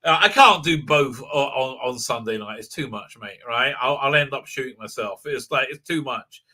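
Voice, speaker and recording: A man's voice: medium pitch, expressive, normal speed, pushed and bright. A man hosting a casual live stream, talking in a rambling way with many fillers, restarts and frequent laughs. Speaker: livestream host.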